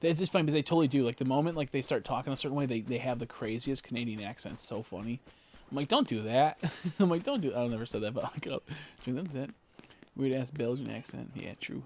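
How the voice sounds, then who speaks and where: A male streamer in relaxed, rambling chat, his voice sitting in an ordinary middle range. A faint hiss and the click of keys sit under his talk at the desk mic. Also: mid-range voice, quick pace. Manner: rambling, joking, heavy filler words. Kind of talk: casual live-stream chat.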